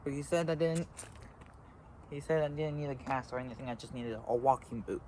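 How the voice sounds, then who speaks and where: A teenage boy telling a story to a phone camera beside a road, halting and full of fillers. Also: mid-range voice, warm tone. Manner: rambling, halting, with frequent fillers. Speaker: vlogger. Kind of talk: casual storytelling. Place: outdoors by a road. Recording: faint traffic noise outdoors.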